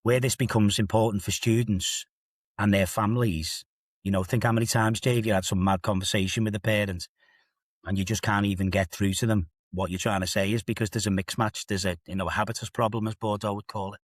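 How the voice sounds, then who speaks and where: A man's voice: lowish voice, steady tone, brisk, dry recording, studio quality. A man in his fifties with a Liverpool accent, an assistant head teacher telling stories with emphatic, rhetorical asides in a podcast discussion. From England.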